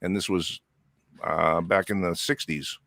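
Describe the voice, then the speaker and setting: Low-voiced man reading chat comments. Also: steady tone, measured pace, vocal fry, sharp tone, dry recording, clean studio sound. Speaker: co-host.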